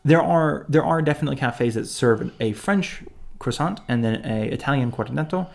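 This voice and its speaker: A man's voice: medium pitch, normal speed, vocal fry. A young man co-hosting a casual chat, rambling with many restarts and fillers. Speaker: podcast co-host.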